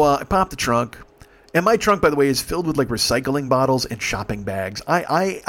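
Rambling, profane storytelling man. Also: mid-range voice. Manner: rambling, profane, acts out dialogue. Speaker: podcast host, rideshare driver. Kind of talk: casual comic storytelling.

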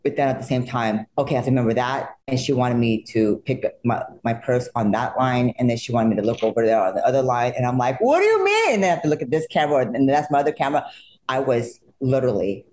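A woman, a soap opera actress and guest, retelling stories in a casual interview. She talks animatedly and laughs a lot. She acts out her own excited reactions in quotes. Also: a bass voice, fast. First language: not English.

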